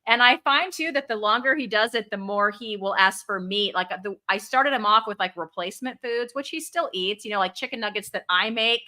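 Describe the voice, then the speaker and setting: A middle-aged woman, a mother, chatting casually and telling stories with lively acted-out quotes. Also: medium pitch, fairly quick, hardly any pauses. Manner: animated storyteller, acts out quotes. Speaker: guest. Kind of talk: casual chat.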